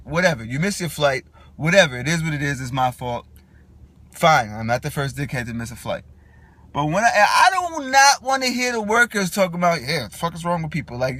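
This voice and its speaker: A man ranting in a casual, profane monologue, animated and quick to act out what others said. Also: sits high, no room sound. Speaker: podcast host.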